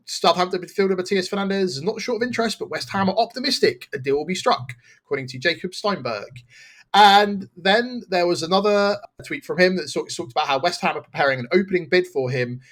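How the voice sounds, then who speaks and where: A man's voice: on the high side, a bit bright. A man hosting a football podcast, chatting casually and rambling, laughing at his own slips. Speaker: podcast host. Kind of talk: casual chat.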